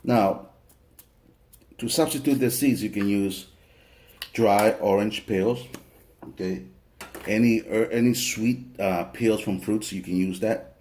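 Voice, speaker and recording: Male practitioner, low voice, casual joking tutorial delivery with occasional swearing. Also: slow pace, pauses often, darkish tone, a little hiss or hum. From family from El Salvador. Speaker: spiritual practitioner teaching a ritual.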